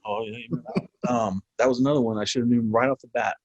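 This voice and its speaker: A man in his forties, a military veteran guest, telling war stories in a casual, profane, animated way with frequent laughs. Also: medium pitch, racing, no room sound, lo-fi sound. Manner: profane, animated storyteller who laughs often. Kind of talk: casual storytelling interview.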